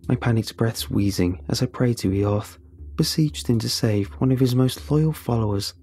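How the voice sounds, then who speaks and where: Male narrator, audiobook, dramatic storytelling, dark mellow tone, soft music. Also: lowish voice. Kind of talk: first-person audiobook narration.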